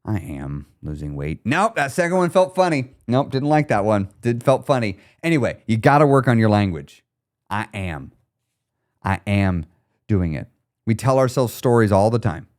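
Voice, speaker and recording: Man, podcast host, casual solo talk, lively swooping pitch, blunt coaching tone. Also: normal speed. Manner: animated coaching, talks straight to the listener; laid-back, slangy and blunt. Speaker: weight loss podcast host.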